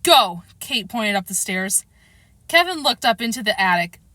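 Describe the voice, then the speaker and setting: A woman reading a storybook aloud in an expressive way, acting out the characters' lines as she narrates. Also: mid-range voice, moderate pace, no room sound. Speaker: storybook reader.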